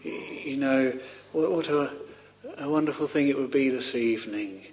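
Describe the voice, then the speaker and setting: This man's sermon is earnest and halting, full of repeated words at each restart, and he rises fervently whenever he asks pleading questions. His voice is medium in pitch with a darkish tone, and there's a little hiss or hum.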